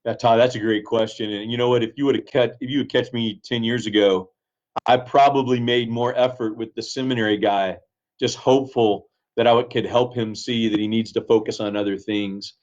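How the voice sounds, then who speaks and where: Pastor guest, earnest and reflective, mid-pitched man on a slightly muffled interview recording. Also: fairly even intonation, fairly quick, darkish tone. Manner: earnest, reflective, with frequent restarts. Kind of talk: casual conversation, storytelling.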